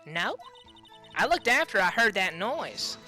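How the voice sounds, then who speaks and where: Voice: medium pitch, very animated, unhurried, sharp tone, soft background music. A streamer voicing a brash country woman witness with a put-on drawl. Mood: cocky. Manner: drawling, folksy. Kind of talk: reading game dialogue aloud.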